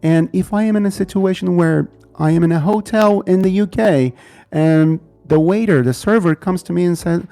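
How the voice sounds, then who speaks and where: A Brazilian man who speaks Portuguese as his first language, teaching an online English class in a slow, repetitive way and often checking in with "okay?" and "right?". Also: sits high, warm tone.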